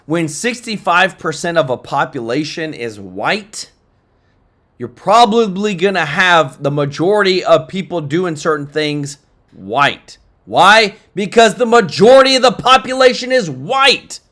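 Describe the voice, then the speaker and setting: A man's voice: high voice, animated, measured pace, fairly bright tone. A young man hosting political reaction commentary, fired up and talking straight to his viewers.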